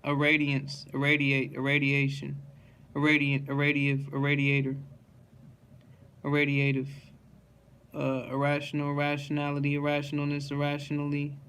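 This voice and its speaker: A man reading dictionary words aloud one after another in a slow, steady monotone, stumbling and restarting on hard words. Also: a little high, slight background noise.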